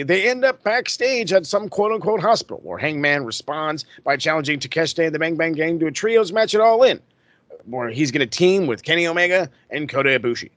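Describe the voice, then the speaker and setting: A man hosting a podcast, recapping in a casual, excitable, profane way that rambles. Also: a little high, dry recording. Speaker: podcast host.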